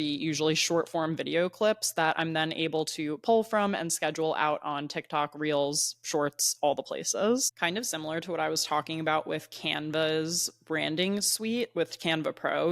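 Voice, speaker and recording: A woman's voice: sits low, no room sound, clean studio sound. A young woman hosting her own podcast, talking casually into a plugged-in mic and saying "like" often. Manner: chatty, says "like" often. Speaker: podcast host. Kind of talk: casual solo podcast talk. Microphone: plugged-in microphone at a laptop.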